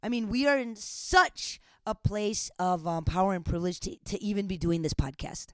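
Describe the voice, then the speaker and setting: A woman co-hosting a podcast, animated and emphatic as she speaks straight to her listeners. Her voice sits in a middle range and sounds dry and close. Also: medium pitch, normal speed, no room sound. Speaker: podcast co-host. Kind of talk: casual podcast chat.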